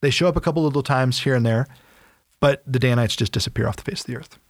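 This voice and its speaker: A man hosting a casual podcast, retelling a Bible story in an animated way and acting out its characters in quick casual voices. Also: mid-range voice, dry recording, studio quality.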